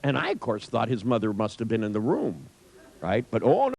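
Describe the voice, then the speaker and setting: A man's voice: medium pitch, huge pitch swings, fairly quick, vocal fry, darkish tone, rough recording. A middle-aged man telling an anecdote in a wry, irreverent way, swearing freely. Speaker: storyteller. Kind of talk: profane anecdotal storytelling.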